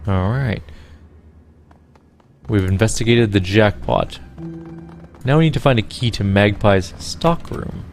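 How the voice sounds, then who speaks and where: A man giving relaxed, slow commentary while he plays a video game, musing aloud to himself. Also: lowish voice, faint music behind. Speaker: let's play host. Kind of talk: casual gameplay commentary.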